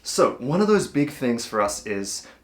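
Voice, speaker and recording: A man's voice: medium pitch, sing-song, unhurried. A man teaching a cajon lesson in a patient, reassuring way, sometimes counting and singing rhythms aloud. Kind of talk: relaxed, encouraging music lesson.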